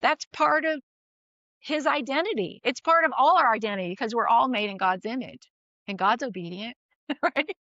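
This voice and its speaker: Middle-aged woman, guest telling a story, animated, restarts sentences, slightly high voice, dry slightly muffled recording. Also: a little fast, no echo. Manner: animated, restarts often, laughs between phrases. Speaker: guest sharing a parenting story. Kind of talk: casual storytelling conversation.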